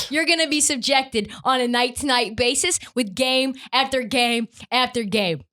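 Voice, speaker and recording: A woman's voice: high-pitched, fairly bright tone. A young woman hosting a sports podcast, ranting in an emphatic, profane, opinionated way. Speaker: podcast host.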